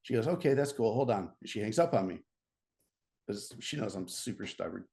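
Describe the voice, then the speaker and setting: A middle-aged American man, a podcast guest, telling a story in a casual, animated way, often laughing and restarting his sentences. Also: fairly low pitch, brisk, creaky.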